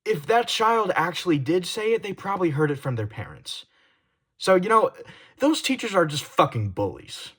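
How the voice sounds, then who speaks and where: Young man in a heated, halting confession. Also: high voice, sing-song, slightly rough. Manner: heated, swearing, apologetic; halting restarts, trailing off quietly. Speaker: YouTuber. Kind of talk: confessional vlog monologue.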